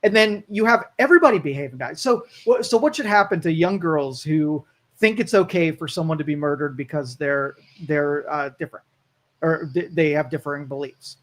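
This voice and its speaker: A man co-hosting a live talk radio show, blunt and moralizing as he weighs in and reads listener comments aloud. His voice sits somewhat higher than most men's. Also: a little fast.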